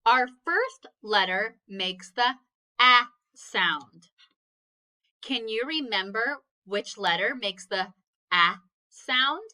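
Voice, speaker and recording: A woman's voice: fairly high pitch, lively intonation, slow, sharp tone. A woman teaching a phonics lesson to children, patiently sounding out each letter and praising answers.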